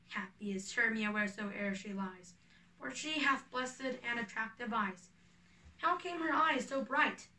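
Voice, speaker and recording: A woman's voice: fairly high pitch, sharp tone, reverberant, recorded from a distance, poor audio. A woman reading the part of a lovesick, spurned young woman aloud, in earnest verse, a little away from the microphone.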